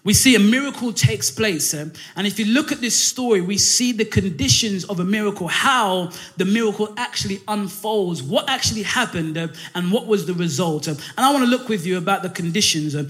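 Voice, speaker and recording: A man preaching a sermon, animated, often saying "listen" and "um" between phrases. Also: sits high, a little fast, few pauses.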